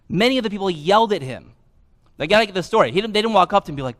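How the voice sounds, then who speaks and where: A young man delivers a sermon in a lively, casual way, full of slang and quick asides. His voice sits high for a man. The sound carries a long reverb from the church hall. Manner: animated, conversational, casual slang. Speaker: pastor. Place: church sanctuary.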